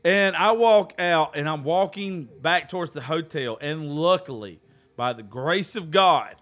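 A man telling a crude story in a casual chat, animated and laughing as he swears. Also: a little high, unhurried.

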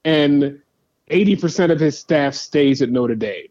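A man's voice: on the high side, animated, a little mellow. Blunt male co-host on a dull line. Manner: quick reactions, blunt, laughs often. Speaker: podcast co-host. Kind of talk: casual sports chat.

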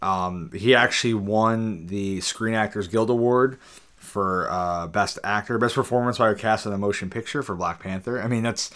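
A man's voice: on the low side, normal speed, a bit bright. A man co-hosting a casual podcast chat, talking in stops and starts and repeating words as he restarts. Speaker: podcast co-host.

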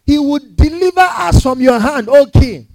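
A man's voice: very high voice, lively intonation, a little slow, mellow, dry recording, pitched above the performer's own voice, heavily acted. A man preacher voicing defiant young men of faith, speaking in a bold, fervent and emphatic way.

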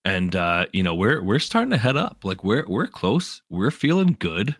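A man's voice: lowish voice, sing-song, moderate pace, slightly rough, no echo, clean studio sound. A man telling the story of a game run in casual chat, rambling with many fillers and restarts. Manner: rambling, full of "you know" fillers and restarts. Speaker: player recounting a game run.

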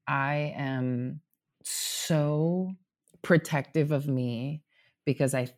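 Speaking extremely slowly in a slightly high voice, a thirty-something guest talks openly and at length from his home apartment. The conversation is casual and heartfelt, full of "like" and easygoing swearing as he rambles.

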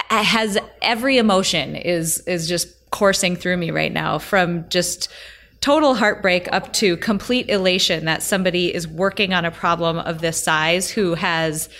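A woman's voice: fairly low pitch, unhurried, fairly bright tone. A young pregnant woman hosting a podcast, speaking effusively and enthusiastically to her guest. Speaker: podcast host. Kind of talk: podcast interview.

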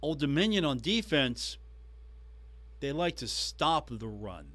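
A man hosting a sports podcast, recapping a coach's press conference with emphatic, animated delivery. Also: fairly high pitch, takes it slowly. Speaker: podcast host.

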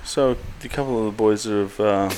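A man's voice: fairly low pitch, normal speed, darkish tone, a little hiss or hum. A man co-hosting a podcast, reading joke news items in a crude, swearing, joking way. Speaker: podcast co-host.

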